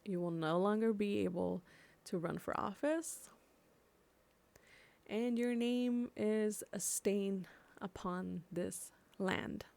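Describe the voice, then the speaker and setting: A young woman from California speaks in an impassioned, personal vlog. Her voice carries a gravelly fry in an otherwise mid-range pitch. She swears freely and drags out words for emphasis. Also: slow pace, darkish tone. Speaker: vlogger.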